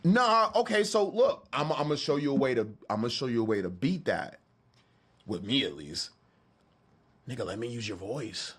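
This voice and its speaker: A man's voice: mid-range voice, animated, a little fast, fairly bright tone. A man, talking loosely and joking with his stream chat from his studio. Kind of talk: casual livestream chat.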